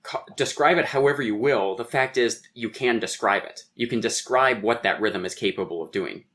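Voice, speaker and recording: A middle-aged poet being interviewed on a podcast, explaining in a professorial way and thinking aloud with frequent restarts. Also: male voice, mid-range voice, moderate pace, a bit bright. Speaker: poet and guest.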